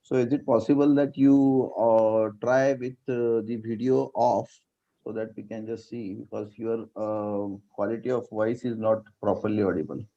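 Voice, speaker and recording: A man's voice: lowish voice, fairly even intonation, moderate pace, warm tone, lo-fi sound. Polite man moderating a video call. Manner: polite and deferential. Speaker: session moderator.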